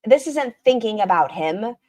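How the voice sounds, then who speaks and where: Sarcastic woman streamer with an animated voice that swings up and down. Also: medium pitch, normal speed. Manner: snarky, animated, mocking. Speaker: stream host reacting to a video. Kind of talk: casual commentary.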